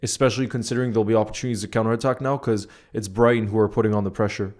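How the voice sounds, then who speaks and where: A man hosting a live football watchalong, talking casually and bursting into excited outbursts, his voice going hoarse. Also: lowish voice, racing. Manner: excitable, swings from calm analysis to loud outbursts. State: losing his voice. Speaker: football fan streamer reacting live. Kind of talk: live match watchalong chat.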